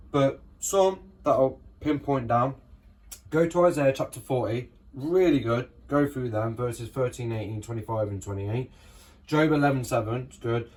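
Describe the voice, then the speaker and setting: A man's voice: medium pitch, darkish tone. A man giving casual Bible teaching, reading scripture verses aloud and often checking in with his listeners. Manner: conversational, keeps checking in with listeners.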